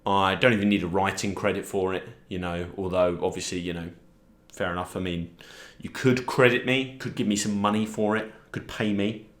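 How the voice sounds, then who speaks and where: Deep-voiced deadpan man, roomy echo. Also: normal speed. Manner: deadpan, self-deprecating, meandering. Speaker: comedian pitching ideas. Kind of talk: rambling comic monologue.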